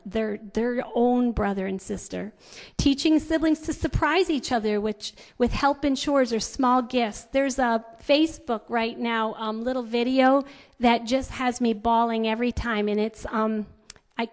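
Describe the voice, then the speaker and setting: A woman in her fifties giving a talk on raising children, chatty, telling stories with many fillers and restarts. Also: on the high side. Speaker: parenting speaker.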